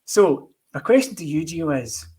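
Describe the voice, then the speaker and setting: A man hosting a casual podcast chat, upbeat and quick to praise his guests. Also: on the high side, animated, dark tone, husky. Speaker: podcast host.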